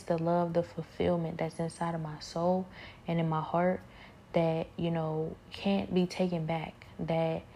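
A woman talking earnestly about her faith on a podcast, halting often and slipping into soft whispered prayers. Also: low voice, a little hiss or hum. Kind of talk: personal faith reflection.

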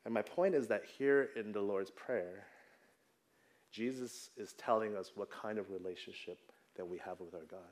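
A man's voice: on the low side, normal speed, a little mellow. Conversational man preaching a sermon. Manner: conversational, tags lines with "right?". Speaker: pastor.

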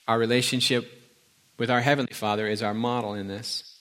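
A man's voice: medium pitch, level tone, a little fast, fairly bright tone. A middle-aged man preaching a sermon, telling a family story and acting out the dialogue in a conversational way. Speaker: pastor.

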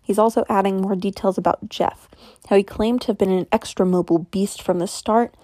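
Casual female storyteller, wry and doubtful, mid pitch, dry close sound. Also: fairly even intonation, a little fast, warm tone, no echo. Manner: skeptical, wry asides. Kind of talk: casual true-mystery storytelling.

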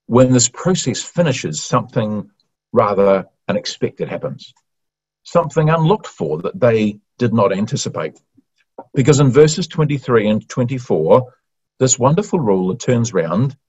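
A man preaching an earnest expository sermon, rising to emphatic questions and then slowing into soft, quiet phrases. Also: medium pitch, breathy edge. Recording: muffled lo-fi recording.

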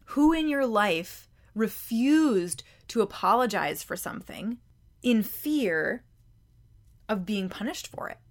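Woman podcast host, mid pitch, chatty self-help talk, pushes with pointed questions, trips over repeated words. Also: lively intonation, slow pace. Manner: emphatic, challenging rhetorical questions; conversational, frequent word repeats.

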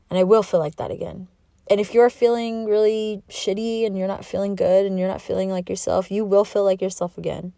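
Mellow-voiced woman rambling on her podcast. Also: mid-range voice, steady tone, moderate pace, no room sound, clean studio sound. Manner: rambling, heartfelt, self-reflective, with laughs. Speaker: podcast host. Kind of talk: candid solo podcast monologue.

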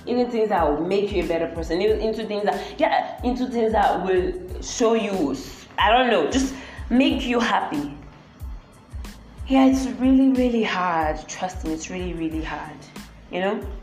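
A woman's voice: mid-range voice, lively intonation, moderate pace, a little mellow, reverberant, soft background music. A woman with a Nigerian accent giving blunt, emphatic advice as a vlogger, repeating herself as she scolds, speaking in a public place. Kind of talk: personal advice rant to camera. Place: public place with people around.

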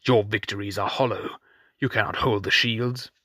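A man voicing a stern, zealous male priest held captive, speaking fiercely and at times muttering low. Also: steady tone, normal speed, sharp tone, no room sound. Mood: defiant.

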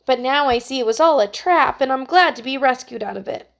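A woman's voice: sits high, animated, a little fast, vocal fry, pitched above the performer's own voice. Heidi, a timid young girl, read by a woman. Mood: contrite. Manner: soft, hesitant, contrite.

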